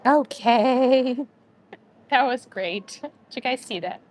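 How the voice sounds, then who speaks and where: A woman's voice: a little high, slow. A woman hosting a casual livestream, chatting to viewers and a dog and laughing often. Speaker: livestream host.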